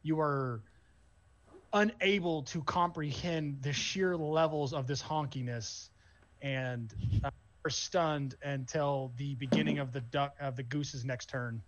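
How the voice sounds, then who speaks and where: A man's voice: mid-range voice, fairly even intonation, a little slow, highs cut off. A man narrating as game master, describing the scene casually with many fillers.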